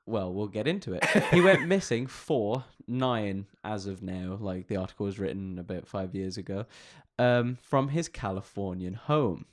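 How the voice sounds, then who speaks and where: A man's voice: fairly low pitch, moderate pace, few pauses. A man co-hosting a comedy podcast, reading out odd internet stories in a casual, jokey way with plenty of laughs and swearing. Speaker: podcast co-host.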